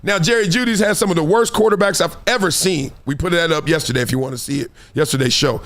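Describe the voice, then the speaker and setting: A man hosting a sports talk show, talking in an animated, slangy monologue and acting out what other people say. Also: fairly high pitch, quick pace.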